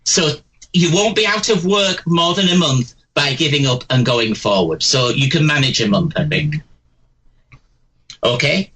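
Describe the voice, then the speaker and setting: Brief: man, fairly high bright voice, blunt and chatty psychic on call-in radio. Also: measured pace, poor audio. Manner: blunt, chatty, animated, says "bugger off", "bloody", "love", "posh". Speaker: psychic giving caller readings. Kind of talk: live call-in radio chat.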